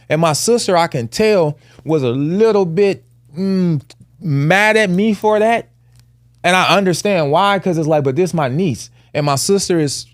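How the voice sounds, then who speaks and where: Podcast host, male, fairly high voice, emphatic and heated, dry close sound. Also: dry recording. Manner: emphatic, rising to heated telling of a story. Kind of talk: casual podcast talk.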